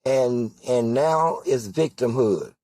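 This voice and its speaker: A man's voice: mid-range voice, expressive, slow pace, mellow, dry recording. A man giving an impassioned political monologue, full of rhetorical questions and emphatic repetition. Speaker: political candidate.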